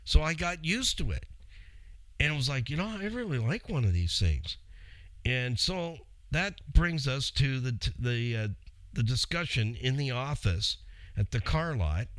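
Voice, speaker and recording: A man's voice: medium pitch, sing-song, a little slow, no room sound. A middle-aged man hosting a show, telling a long story in a rambling, chatty way and speaking straight to his listeners. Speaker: radio show host. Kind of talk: casual storytelling.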